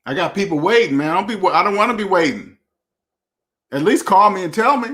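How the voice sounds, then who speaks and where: Fast and sharp-toned, a man with a high voice and lively intonation hosts a personal finance channel in a casual monologue to camera. He preaches in blunt, slangy street talk and keeps repeating his key phrases for emphasis.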